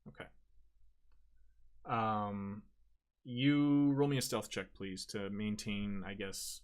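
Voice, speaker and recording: A man narrating as dungeon master, halting often and correcting himself as he goes. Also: fairly low pitch, fairly even intonation, clear, resonant tone. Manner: halting, frequent restarts and self-corrections. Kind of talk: narrating a tabletop game.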